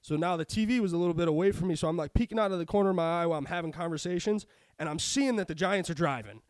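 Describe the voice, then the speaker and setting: A man's voice: on the high side, rapid-fire, no echo. A man hosting a sports betting podcast, talking casually and ranting with lots of swearing. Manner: profane, ranting, animated. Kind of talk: casual chat.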